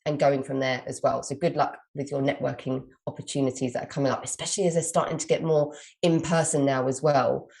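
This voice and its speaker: A woman's voice: very deep voice, steady tone, fairly quick, vocal fry, darkish tone. A British woman in her young adult years, a communication coach answering listener questions in a live Q&A, reading each question aloud and then giving long, encouraging advice.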